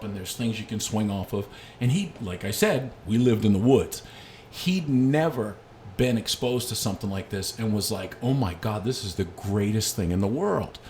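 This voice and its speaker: A middle-aged man talks through a dog-training lesson in a relaxed, conversational way. He mixes explanation with lively personal stories at an even middle pitch, over a faint hiss of background noise. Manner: storytelling with lively anecdotes. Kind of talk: casual instructional talk.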